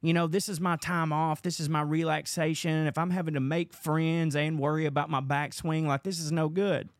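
A man's voice: fairly high pitch, little pitch movement, moderate pace, no echo, studio quality. A young man hosting a podcast, rambling through a profane, casual monologue. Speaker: podcast host.

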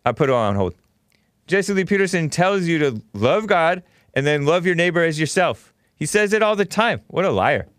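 Man, call-in host, combative, cuts callers off, somewhat high voice, dry sound. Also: very animated, moderate pace, a bit bright, no room sound. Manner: argumentative, interrupting callers. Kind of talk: call-in talk show.

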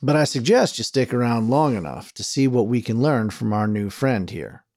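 Steady frontier sheriff, drawling and firm, voiced by a male narrator, audiobook western. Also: mid-range voice, moderate pace, no echo, clean studio sound. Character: gruff, steady frontier sheriff, middle-aged man.

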